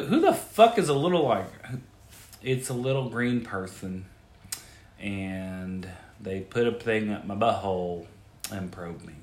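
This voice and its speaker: A man hosting a podcast and riffing crudely on odd news stories, incredulous and swearing freely. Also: mid-range voice. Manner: crude, incredulous, animated outbursts. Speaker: podcast host. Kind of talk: profane comedic news riffing. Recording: roomy echo.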